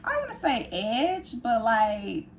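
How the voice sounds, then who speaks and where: Blunt woman cohost, kinda high voice, little hiss in the background. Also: wildly swooping pitch, a little slow. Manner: blunt, talks about herself with some hesitation. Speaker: podcast co-host. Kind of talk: casual chat.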